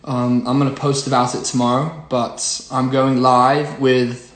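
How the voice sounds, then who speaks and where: A young singer-songwriter chatting casually on a phone livestream, rambling with lots of fillers. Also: male voice, mid-range voice, flat delivery, measured pace, fairly bright tone. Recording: roomy echo, faint noise.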